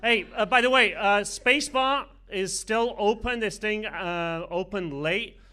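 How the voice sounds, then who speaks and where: A man hosts a comedy night, chatting with the crowd in a loose, apologetic way full of little hesitations. His voice is high for a man and sharply bright. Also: measured pace. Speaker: comedy show host. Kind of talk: emcee crowd work.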